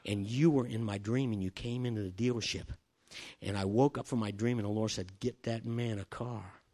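An older man preaches a sermon that includes a personal testimony story, acting out dialogue and chuckling along the way. His lowish voice is warm and fairly even in intonation, moving a little fast.

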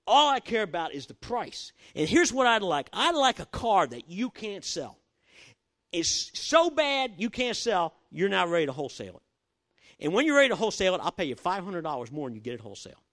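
Older man, preacher, sermon storytelling, animated pitch, acts out dialogue. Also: fairly quick. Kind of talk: sermon with personal testimony story.

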